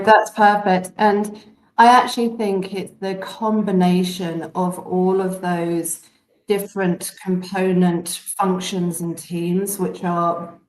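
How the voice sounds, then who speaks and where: A woman's voice: on the low side, a little mellow. A woman with a British accent hosting a webinar, guiding speakers in an organized way. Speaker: webinar host. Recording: echoey room.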